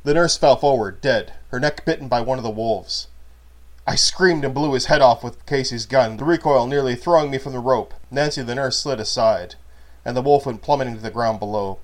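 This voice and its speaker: A man narrating a dark fantasy story aloud, reading at an even, steady pace. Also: medium pitch, fairly quick. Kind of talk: audiobook narration of a fantasy serial.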